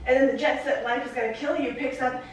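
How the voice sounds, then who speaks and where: A woman's voice: high voice, steady tone, fast talker, reverberant, distant mic, slight background noise. A young woman chatting casually in a vlog, talkative and giggly, with lots of "like" in her speech. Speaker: vlogger.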